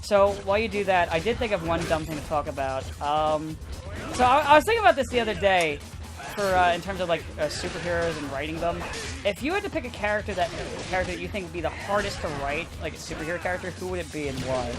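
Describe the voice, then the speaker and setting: A man's voice: sits high, expressive, fast, music in the background. A man chatting casually and joking while playing a video game with friends. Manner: jokey, breaks into silly singing. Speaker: let's play gamer. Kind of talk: casual chat while gaming.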